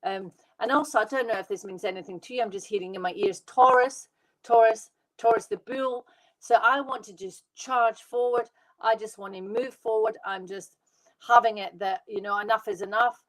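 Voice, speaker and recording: Excitable woman giving psychic readings. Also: medium pitch, low-quality recording. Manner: excitable, gushing, talks fast and reassuringly. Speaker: medium giving live readings. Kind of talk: live online psychic reading.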